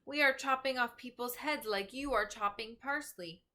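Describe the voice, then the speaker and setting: A woman's voice: on the high side, normal speed, bright, forceful tone, pitched above the performer's own voice. Matter-of-fact sultan, read by a woman.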